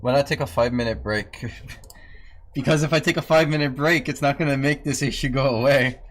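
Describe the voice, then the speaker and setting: A man's voice: medium pitch, a little fast. Man casually chatting on stream. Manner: teasing his dog, then griping about tedious work, swearing casually. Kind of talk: casual live-stream chat.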